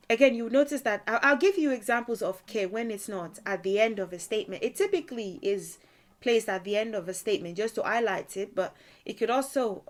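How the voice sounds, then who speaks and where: A woman teaching a language lesson in a relaxed, chatty way, often saying "you know" and laughing. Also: medium pitch. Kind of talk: casual explanatory lesson.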